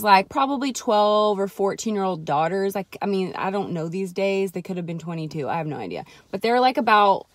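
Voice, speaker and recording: A woman's voice: medium pitch, dry recording, clean studio sound. A young mother, ranting sarcastically to camera in a chatty vlog full of "like" fillers. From Texas. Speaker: vlogger.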